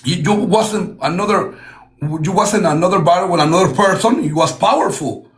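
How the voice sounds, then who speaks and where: A man's voice: high-pitched, normal speed. A man hosting a livestream battle, gushing with compliments in broken English and slipping into Spanish phrases. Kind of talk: casual livestream chat.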